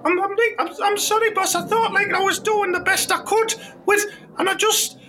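A man's voice: very high voice, steady tone, moderate pace, sharp tone, voice pushed up. A man voicing a timid young male footballer, stammering and pleading with his boss.

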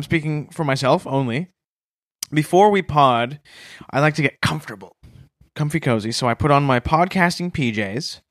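A man's voice: a little high, fairly bright tone, dry recording, studio quality. A man co-hosting a comedy podcast, bantering in a playful, goofy, mock-earnest way. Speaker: podcast co-host.

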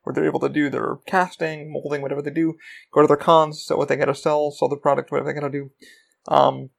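Talking fast in a high-ish, gravelly voice with flat delivery, a man rambles on his solo podcast. He covers running a small business in a casual way, cursing without restraint.

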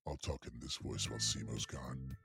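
A man putting on a low, slow, seductive voice as a joke. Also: fairly even intonation, vocal fry, a bit bright, slightly rough, faint music behind, exaggerated voice.

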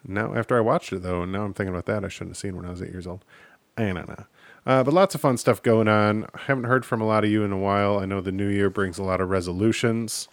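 A man's voice: on the low side, steady tone, quick pace, no room sound. A man in his thirties hosting a casual solo podcast, joking about himself and swearing offhandedly. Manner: jokey, self-deprecating, swears casually. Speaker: podcast host.

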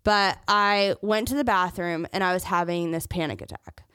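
Candid, low-voiced woman podcaster. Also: normal speed, a bit bright, clear, resonant tone, no echo, studio quality. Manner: candid and emotional, often near tears; joking asides between serious parts. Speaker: podcast host. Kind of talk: personal storytelling podcast.

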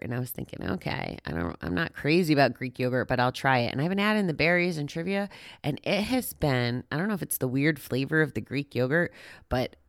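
Female host, very low register, candid self-deprecating chat, dry recording. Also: no echo. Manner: chatty, rambling, self-deprecating with frequent "like". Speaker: podcast host on gambling recovery. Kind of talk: casual personal talk to listeners. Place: walking outdoors.

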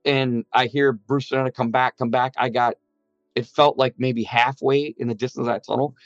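A man's voice: medium pitch, steady tone, moderate pace, no echo. A man giving an earnest spoken account of a near-death experience, acting out what others said. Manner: earnest storytelling, quoting voices. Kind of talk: personal testimony. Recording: muffled sound with soft music under it.

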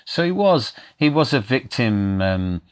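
A man, a guest actor, reminiscing in a podcast interview in a halting, stop-start way. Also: medium pitch, big pitch swings. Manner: halting, full of restarts.

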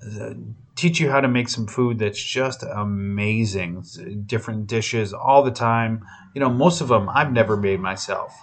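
Cooking show guy rambling on, lots of you know and uh, swears casually, kinda low voice. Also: a little slow. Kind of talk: casual motivational chat.

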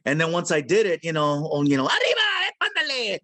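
A man with a high voice and a dry, close sound tells animated, jokey stories as a guest in an interview. He laughs at his own punchlines and keeps slipping into character voices. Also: fast talker, no echo. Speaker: guest voice actor. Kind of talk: casual interview.

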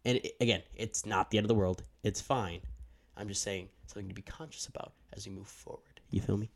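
Low-voiced young man explaining mic technique. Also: steady tone, fairly quick, creaky. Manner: explanatory, rambling, self-interrupting. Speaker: podcast co-host handling audio. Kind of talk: casual chat. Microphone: handheld microphone.

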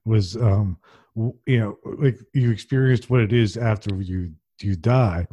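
A man interviewer asking his questions softly and hesitantly. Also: lowish voice, a little slow, no room sound, muffled recording.

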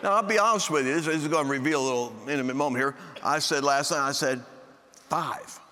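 A man's voice: on the high side, fast talker, pushed and bright. A man preaching a sermon to a live audience, telling jokes and acting out the voices in his stories. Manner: joking storyteller who acts out quoted voices. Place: large meeting hall with a live audience. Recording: long hall reverb, faint background noise.

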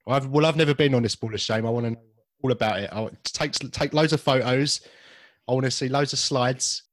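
A man's voice: mid-range voice, brisk, dry recording, studio quality. Jokey man co-hosting a podcast. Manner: jokey, rambling, talks films at length. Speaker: podcast co-host. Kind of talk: casual chat.

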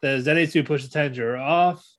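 A man co-hosting a casual podcast, his voice sitting a little high for a man. He talks in loose, rambling bursts and keeps laughing as he recaps scenes. He often trips over his words and starts sentences again. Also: moderate pace. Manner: animated retelling, acts out characters' lines with laughs; many fillers and restarts. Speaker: podcast co-host. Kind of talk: casual chat.

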